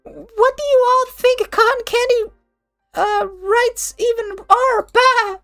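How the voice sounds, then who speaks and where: A man squeaking out a gushing cuteness-crazed girl. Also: fairly even intonation, slow pace, pushed and bright, soft background music, heavily acted. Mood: eager. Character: cuteness-obsessed excitable young girl. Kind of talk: reading game dialogue aloud.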